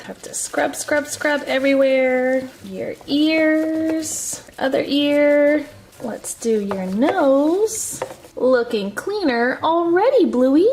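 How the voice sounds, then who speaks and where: A woman narrating toy pretend play in a gentle, motherly, instructive way. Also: high-pitched, slight background noise.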